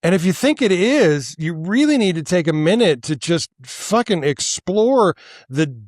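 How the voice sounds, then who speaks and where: A man's voice: high voice, sing-song, a little slow, dry recording, studio quality. Angry, ranting male podcast host. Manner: heated, profane ranting with stammered restarts. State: worked up and angry. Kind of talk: angry political monologue.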